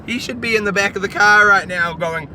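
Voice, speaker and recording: A man's voice: sits high, a little fast. A tipsy man vlogging in a car, rambling and joking crudely with a friend. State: tipsy from drinking. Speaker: vlogger host. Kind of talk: rambling casual banter. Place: in a car in city traffic. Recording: loud street traffic noise.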